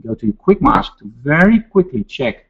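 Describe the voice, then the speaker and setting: A man with a Dutch accent teaching photo retouching step by step in a webinar, with relaxed asides. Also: high voice, normal speed, breathy edge, phone-quality sound. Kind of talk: software tutorial webinar.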